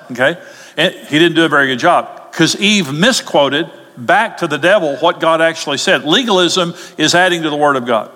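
A man's voice: on the high side, bright, forceful tone. A male pastor preaching a sermon emphatically, his voice rising as he gets stirred up. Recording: long hall reverb.

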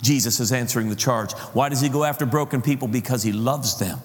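A man's voice: mid-range voice, fast. A man preaching a sermon with passion, calling out questions to his congregation. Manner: impassioned, calls out to the congregation. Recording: reverberant hall.

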